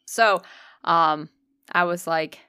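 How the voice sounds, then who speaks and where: A woman's voice: on the low side, steady tone, takes it slowly, sharp tone, smooth, no room sound, studio quality. A woman co-hosting a podcast, chatting casually with swearing and self-deprecating jokes. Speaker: podcast co-host. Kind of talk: casual chat.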